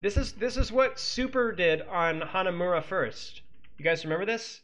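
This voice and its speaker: Lively, high-pitched coach. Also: male voice, normal speed. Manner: animated, exclamatory, talks straight to viewers. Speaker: esports coach. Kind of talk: game replay analysis commentary.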